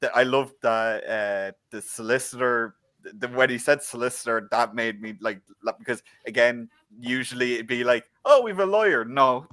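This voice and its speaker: An Irish man co-hosting a casual show review, talking in animated, rambling bursts full of restarts. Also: medium pitch, moderate pace, no room sound. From Ireland. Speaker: co-host.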